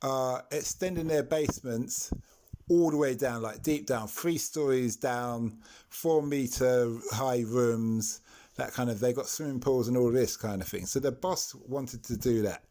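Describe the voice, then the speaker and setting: A man's voice: mid-range voice, a little slow, dark tone, slight background noise. A man casually telling a rambling anecdote on a podcast, quoting the people in it. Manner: rambling, quotes others in his story, fillers. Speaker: guest storyteller.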